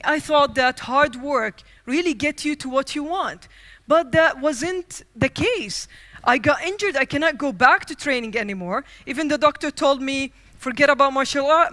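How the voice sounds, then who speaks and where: A young woman from the Middle East giving a humorous storytelling keynote speech, acting out scenes as she goes. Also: high voice. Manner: lively, acts out scenes and quotes. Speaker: keynote speaker. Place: conference stage.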